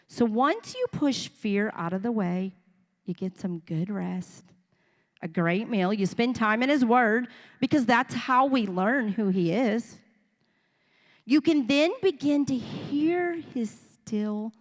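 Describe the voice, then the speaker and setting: A middle-aged woman preaching a sermon in a church, telling stories and acting out voices. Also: mid-range voice. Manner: storytelling, animated, acts out voices of children and parents. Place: church sanctuary. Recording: long reverb of a church hall.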